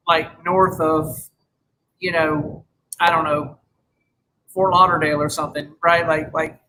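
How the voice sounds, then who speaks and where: A man's voice: on the high side, background noise. A man in his thirties chatting casually on a podcast, rambling with lots of restarts and swearing freely. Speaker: podcast host. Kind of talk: casual chat.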